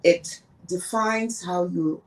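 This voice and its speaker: Heard on a rough recording through a distant mic, this podcast guest has a lowish voice and a slow pace. She reflects on grief with earnest emphasis, stressing points by repeating words.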